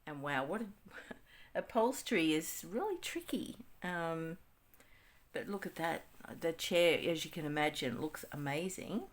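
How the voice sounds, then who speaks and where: A woman's voice: low-pitched, animated, unhurried. An Australian woman in her sixties chatting casually as she unboxes mail, gushing and exclaiming over each item. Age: 60s. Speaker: craft vlogger.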